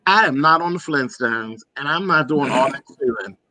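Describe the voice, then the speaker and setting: A chatty man from Pennsylvania with a bright, sharp tone and a slightly high pitch. He talks casually and loosely, tossing in "honey" and "girl" and laughing along the way. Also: lively intonation, normal speed, no echo. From Pennsylvania, USA. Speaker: host. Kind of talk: casual chat.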